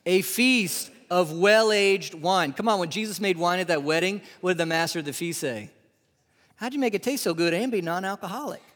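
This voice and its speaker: A male pastor in his thirties delivers a live sermon, his fairly high voice ringing through a large hall with a long echo. He builds to loud, soaring peaks, then drops to slow, hushed near-whispers. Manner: swings from loud, rising emphasis to hushed, drawn-out whispers.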